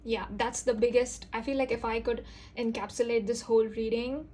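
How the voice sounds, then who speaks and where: A woman giving an intuitive tarot reading, speaking gently and earnestly with a reassuring, soft-spoken manner and frequent fillers. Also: fairly high pitch, fairly even intonation, moderate pace. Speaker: tarot reader.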